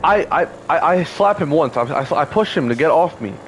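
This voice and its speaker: A man's voice: a little high, animated, fairly quick, slight background noise, poor audio. A man in his twenties telling a painful personal story, heated, profane and upset, close to tears. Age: 20s. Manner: heated, profane, repetitive fillers.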